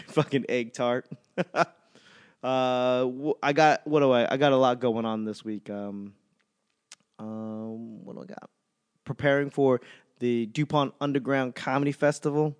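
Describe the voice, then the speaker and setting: A man's voice: mid-range voice, moderate pace, a little mellow. Rambling, profane man chatting solo. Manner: rambling, profane, self-mocking. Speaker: podcast host. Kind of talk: casual solo monologue.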